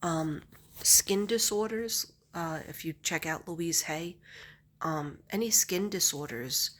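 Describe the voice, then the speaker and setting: Casting: husky, lower-pitched middle-aged woman, rambling chatty vlogger who laughs a lot. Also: takes it slowly, a bit bright. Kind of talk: casual chat to camera.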